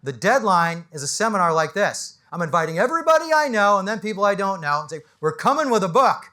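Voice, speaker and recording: Bright punchy male coach at a seminar. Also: high voice, quick pace. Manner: punchy and animated, with rhetorical questions and a tag "right?". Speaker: business coach speaking on a panel. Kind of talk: motivational talk to a live audience. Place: indoor event space with an audience.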